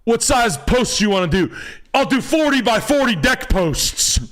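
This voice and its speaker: Guy putting on a bossy cursing homeowner voice, pitched way up, yelling orders. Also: big pitch swings, a little slow, heavily acted. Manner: loud, bossy, swearing. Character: brash, foul-mouthed male homeowner barking orders.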